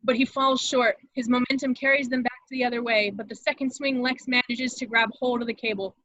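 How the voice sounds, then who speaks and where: Brief: female narrator, dramatic stage-direction reading, bright, slightly high voice, dry, muffled lo-fi mic, amateur table read. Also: fairly even intonation, fairly quick, no echo.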